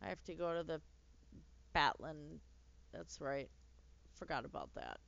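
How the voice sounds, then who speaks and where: A woman's voice: deep voice, big pitch swings, unhurried, gravelly, a bit bright. A woman streamer giving wry, self-mocking asides while playing a game. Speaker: let's play streamer. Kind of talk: casual game commentary. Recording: dull lo-fi dry recording.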